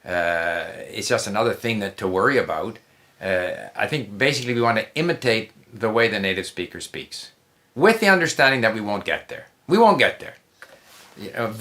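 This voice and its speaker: A low-pitched man with a bright, forceful tone speaks casually as an interview guest. He talks emphatically, circles back on his words and restarts sentences with plenty of fillers. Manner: emphatic, repeats himself, frequent restarts and fillers. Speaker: polyglot guest on a language-learning interview. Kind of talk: casual conversational advice.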